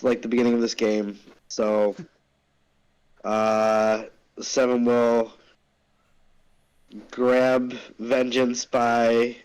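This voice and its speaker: Man, very slow talker, mid pitch, tabletop player, step-by-step narration. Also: clean tone, rough recording. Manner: describing actions step by step. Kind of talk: casual tabletop play.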